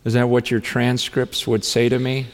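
A man preaching a sermon as pastor, earnest and repetitive, often halting and restarting his phrases. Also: mid-range voice, completely flat delivery. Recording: long hall reverb.

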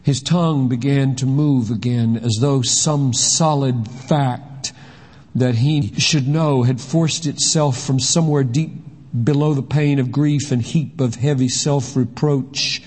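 Slow solemn male verse narrator. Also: mid-range voice, a little mellow. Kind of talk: scripted rhyming verse narration. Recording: long hall reverb.

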